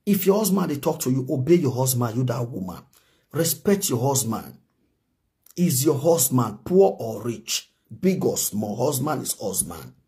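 A man's voice: mid-range voice, big pitch swings, moderate pace, mellow. A married Nigerian man giving pleading, preachy commentary in a vlog, often repeating himself. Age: adult, married. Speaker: gossip commentator.

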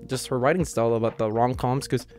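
Excitable male manga reviewer. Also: mid-range voice, fast, faint music behind. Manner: enthusiastic, rambling, heavy use of "you know" and "like". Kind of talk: casual chapter review.

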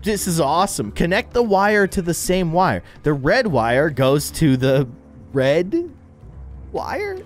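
A young man narrates his gameplay with a lively voice that rises and falls a lot, joking and getting flustered. Faint game music sits behind him. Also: on the high side, a little slow. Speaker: gaming video host. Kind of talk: let's play commentary.

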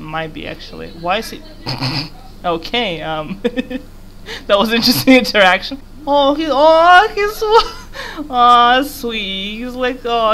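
Young woman, bright voice, gameplay commentary, giggly and rambling, faint hiss behind. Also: mid-range voice. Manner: giggly, rambling, talks to game character. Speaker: gaming YouTuber.

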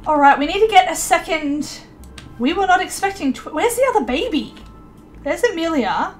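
A young woman casually commentating her life-sim gameplay, excitable and chatty, voicing her characters in quick asides. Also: very high-pitched, soft background music. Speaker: let's play host.

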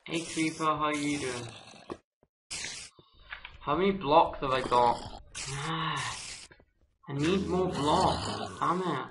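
Male let's-player, slow and jumpy, rages at monsters, noisy home recording. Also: fairly high pitch. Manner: excitable, yelps and rages at enemies. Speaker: gamer. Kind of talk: let's play commentary.

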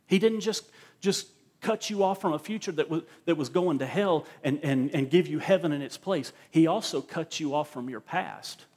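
A man's voice: on the high side, moderate pace, a little mellow, breathy edge. A male pastor preaching a sermon at a church service, emphatic and repeating words as he drives his points home.

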